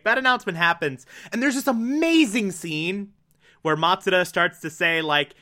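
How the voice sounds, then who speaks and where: Guy doing a casual recap, kinda high bright voice, laughs a lot, snarky. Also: lively intonation, normal speed. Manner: laughs often, sarcastic asides. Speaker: anime recap host.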